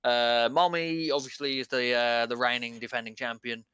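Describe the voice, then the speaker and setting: A man talking through a casual recap on a podcast, stacking one event onto the next and filling gaps with ums. His voice is smooth and clean. The sound is close and dry, with no room around it. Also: mid-range voice, level tone, normal speed, sharp tone, no room sound. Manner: rambling, filler-heavy play-by-play retelling. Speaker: podcast co-host.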